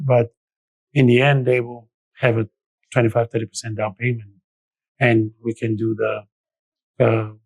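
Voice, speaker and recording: A man's voice: mid-range voice, dry recording, poor audio. A middle-aged man, a lending expert guest in a podcast interview, explaining step by step with frequent restarts.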